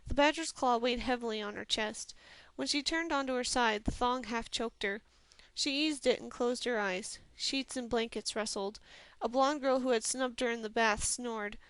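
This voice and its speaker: A woman reading a fantasy novel aloud as a steady, even storyteller from a home recording. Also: a little high, smooth, no room sound. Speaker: audiobook reader. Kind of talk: scripted fantasy novel narration.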